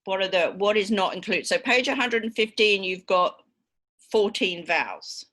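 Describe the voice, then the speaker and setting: A woman's voice: medium pitch, expressive, normal speed, fairly bright tone. A woman with a British accent giving a university lecture, patiently explaining with frequent ums and okays. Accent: British English.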